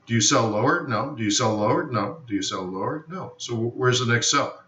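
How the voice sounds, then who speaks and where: A man hosts a live forex trading stream, chatting loosely and rambling, repeatedly saying "I don't know." His medium-pitched voice is bright and forceful, fairly quick, with lively intonation. The recording sounds roomy, distant, dull, and lo-fi.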